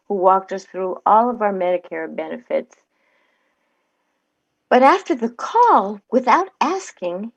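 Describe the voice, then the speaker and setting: A woman's voice: mid-range voice, muffled recording. A woman acting student on a video call, reading a commercial script in an online acting class and laughing often. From California.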